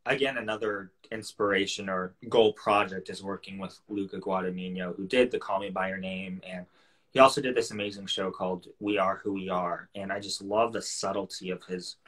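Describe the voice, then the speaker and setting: A young man, an actor guest, chatting casually on a video call interview, soft-spoken and hesitant, often restarting his sentences. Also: low-pitched, fairly even intonation, brisk.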